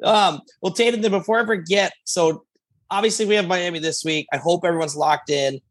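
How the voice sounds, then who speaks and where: A man hosting a casual sports podcast, asking questions in a halting way and restarting them often. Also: high voice. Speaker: podcast host.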